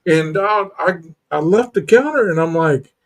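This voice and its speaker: A man's voice: high voice, moderate pace. A man co-hosting a podcast, telling stories in casual chat and acting out what people said. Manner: animated storytelling, acts out quoted lines. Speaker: podcast co-host.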